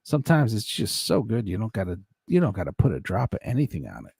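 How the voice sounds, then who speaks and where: A man's voice: lowish voice, big pitch swings, quick pace, creaky, a little mellow, breathy edge, no room sound, studio quality. A man hosting a casual livestream, rambling and joking as he reads viewer comments. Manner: rambling, joking, laughs often. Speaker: livestream host reading chat. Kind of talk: casual chat.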